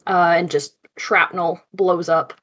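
A woman's voice: fairly low pitch, steady tone, slow pace, a bit bright, slightly rough. Rambling woman describing game action. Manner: rambling, full of fillers. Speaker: player. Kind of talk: casual tabletop game chat.

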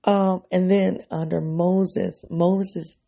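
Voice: medium pitch, normal speed, vocal fry, dark tone, breathy edge. A vlogger giving a reflective personal monologue, thinking aloud and correcting themselves as they go.

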